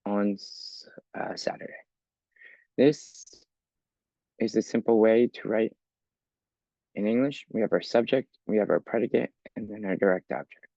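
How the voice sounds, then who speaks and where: A man's voice: fairly low pitch, measured pace, creaky, pauses often, mellow, no room sound, highs cut off. A man teaching an English lesson for learners, explaining patiently step by step and often checking with "okay?". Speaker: ESL teacher.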